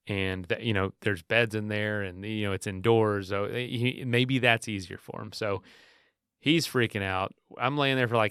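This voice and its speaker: A man in his thirties hosting a podcast, telling stories in a relaxed, rambling way with frequent restarts. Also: lowish voice, clean tone, no echo, studio quality. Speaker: podcast host. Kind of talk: casual storytelling monologue.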